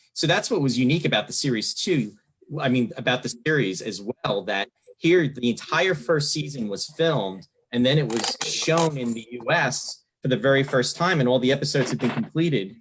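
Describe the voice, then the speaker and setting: A man's voice: mid-range voice, expressive, moderate pace, a bit bright, breathy edge, poor audio. A man in his fifties from New Jersey hosting an interview, talking in a rambling, enthusiastic way as a longtime fan, with lots of fillers. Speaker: podcast host. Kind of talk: casual interview chat.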